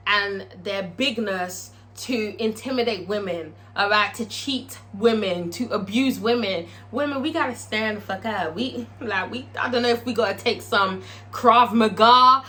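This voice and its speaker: Bright-voiced, sassy woman recapping a show. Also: medium pitch, measured pace. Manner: blunt, profane, sassy storytelling. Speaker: TV episode reviewer. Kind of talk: casual episode recap.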